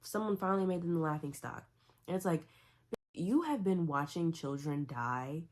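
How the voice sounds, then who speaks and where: A young woman chats about her reading. Her voice sits low for a woman. She talks in a loose, opinionated way, with plenty of "like" and quick asides. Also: a little mellow. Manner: chatty, opinionated, lots of "like". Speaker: book vlogger. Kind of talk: casual reading vlog.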